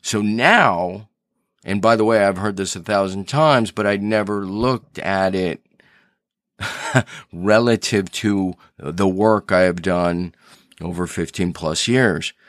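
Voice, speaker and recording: Podcast host, man, deep unhurried voice, earnest storyteller, close dry mic. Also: fairly bright tone, dry recording. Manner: earnest storyteller, thinking aloud with restarts. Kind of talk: reflective solo podcast talk.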